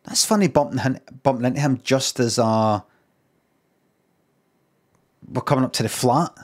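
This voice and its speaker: A man's voice: medium pitch, a little fast. A Scottish man with a Glaswegian accent, telling a rambling, dry story in casual live-stream chat. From Scotland. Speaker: livestreamer.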